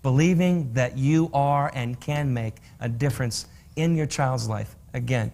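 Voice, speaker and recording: A man's voice: medium pitch, a little slow, creaky, darkish tone. A man on a talk show giving earnest, encouraging advice to parents in a preachy way. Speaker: co-host, counselor.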